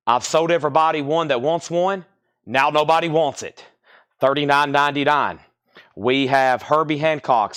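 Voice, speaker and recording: A man hosting a live-streamed record sale, calling out titles and prices quickly, repeating them and adding joking asides. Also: a little high, fairly bright tone, clean tone, no echo, clean studio sound. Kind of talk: live-stream auction patter. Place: record store.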